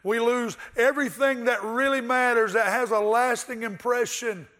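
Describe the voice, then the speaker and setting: High-voiced male pastor preaching. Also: fairly even intonation, moderate pace, a bit bright. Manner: earnest, storytelling, rhetorical questions. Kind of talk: sermon.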